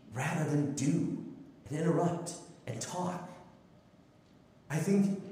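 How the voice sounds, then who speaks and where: A man preaching a sermon, telling a personal story, acting out the voices in it and asking the congregation rhetorical questions. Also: medium pitch. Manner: storytelling, lively, acts out quotes, asks rhetorical questions. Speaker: pastor. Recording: echoey hall with long reverb.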